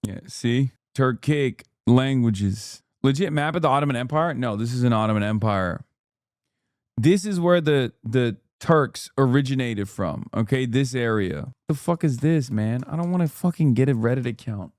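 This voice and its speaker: A man's voice: medium pitch, normal speed, a little mellow, dry recording, studio quality. A man giving casual live-stream commentary on a video, with blunt, joking asides and swearing.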